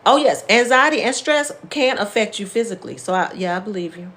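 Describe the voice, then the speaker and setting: A woman's voice: mid-range voice, lively intonation, a little fast, fairly bright tone. A woman therapist hosting a live wellness class, explaining in a plainspoken, conversational way and answering viewers' comments by name. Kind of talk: casual live-stream teaching.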